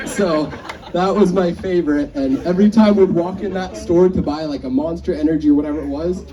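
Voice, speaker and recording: A man's voice: high-pitched, fast, some chatter behind. A young man giving a memorial speech, telling rambling anecdotes with frequent chuckles, picked up from a distance. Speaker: eulogy speaker. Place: memorial gathering. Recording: distant mic, faint background noise.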